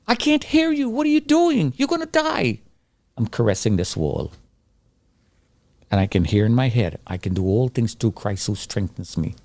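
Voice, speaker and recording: A man's voice: deep voice, no echo. Man telling a dramatic survival story. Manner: intense, reenacts his own shouting and pleading. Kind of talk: dramatic personal testimony.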